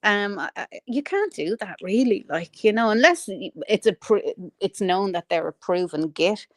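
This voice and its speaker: A woman's voice: mid-range voice, animated, moderate pace, no echo, clean studio sound. Chatty Dublin woman on a livestream. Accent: Dublin Irish. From Ireland. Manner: chatty, greets viewers in the chat. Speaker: livestream co-host. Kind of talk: casual chat.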